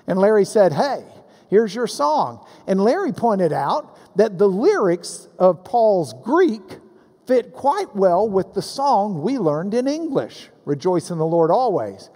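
Animated preacher in a reverberant hall. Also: male voice, high voice, a little slow. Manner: animated, playful with sounds and rhymes. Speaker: pastor. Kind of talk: sermon. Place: church sanctuary.

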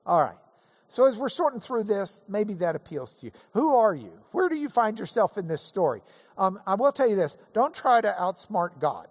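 A man delivers a sermon in a conversational teaching manner and keeps dropping into offhand asides. His pitch rises and falls with plenty of movement. The sound carries a long reverb, as if it came from a large church hall. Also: moderate pace. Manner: lively, conversational preaching with asides. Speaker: pastor.

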